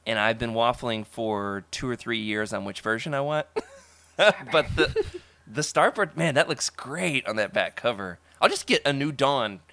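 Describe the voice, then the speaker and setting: Excitable man chatting on a podcast. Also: mid-range voice, moderate pace, dry recording. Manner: enthusiastic, animated, laughs often. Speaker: podcast host. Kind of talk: casual podcast chat.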